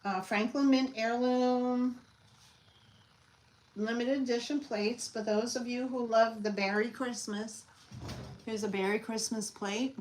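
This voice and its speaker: A woman's voice: on the high side, fairly even intonation, a little slow, a little mellow. A middle-aged woman with a Long Island New York accent, chatting as she hosts a live sale stream, rambling and answering viewers. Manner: chatty, reads out viewer comments, rambling asides. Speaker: host selling collectibles on a live stream. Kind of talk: live sales stream chat.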